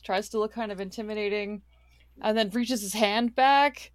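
A woman's voice: medium pitch, fairly even intonation, normal speed, no room sound, clean studio sound. A woman playing in a tabletop game, chatting and laughing while she describes her character's moves. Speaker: player. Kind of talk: casual tabletop play.

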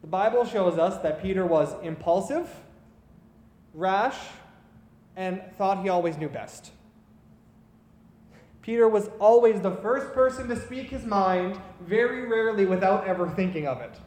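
Man, sermon, earnest storytelling, high voice, long hall reverb. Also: lively intonation, measured pace, long pauses, a little mellow. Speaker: preacher.

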